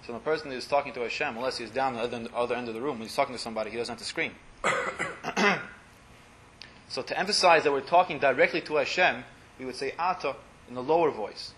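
This fast-talking man, medium in pitch, explains blessings to a small religious class, rendering the Hebrew phrase by phrase. His voice often sinks to a quiet murmur, against slight background noise.

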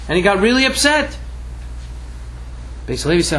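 A man with a fairly high voice tells a traditional Jewish story and draws a lesson from it. He acts out the characters' lines with lively shifts in his voice. A faint hiss sits under the recording. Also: normal speed, long pauses, low-quality recording.

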